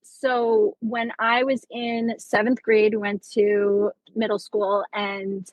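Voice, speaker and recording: A woman's voice: medium pitch, flat delivery, takes it slowly, dry recording, low-quality recording. A teacher in her forties sharing a personal story on a podcast, talking in rambling bursts with many restarts and fillers. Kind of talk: casual chat.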